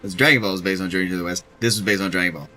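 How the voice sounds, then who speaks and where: Joking young man with a bright voice. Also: sits low, steady tone, rapid-fire. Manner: joking, rambling, laughs often. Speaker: let's play co-host. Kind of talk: casual gameplay chat. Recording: faint game music behind.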